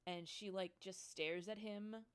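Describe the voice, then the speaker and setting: A woman narrating as game master of a tabletop role-play, relaxed, with many fillers. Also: mid-range voice, a little slow, clean tone.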